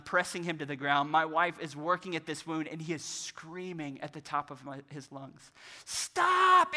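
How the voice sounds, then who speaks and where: Bright-voiced preacher in a reverberant hall. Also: male voice, on the high side. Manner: earnest storytelling, acting out quoted voices. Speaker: pastor. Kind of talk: sermon.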